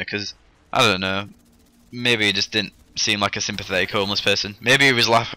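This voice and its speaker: A young man talks casually to his viewers in a voice-over. His voice is bright and cutting, set a little low. He rambles and jokes at his own expense. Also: dry recording. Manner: chatty, rambling, self-deprecating humour. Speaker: gaming YouTuber. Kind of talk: casual vlog storytelling over game footage.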